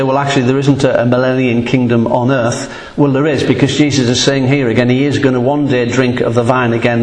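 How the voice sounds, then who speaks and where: A man preaching a sermon to his congregation in a conversational, emphatic teaching manner. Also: medium pitch. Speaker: pastor. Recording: echoey hall with long reverb.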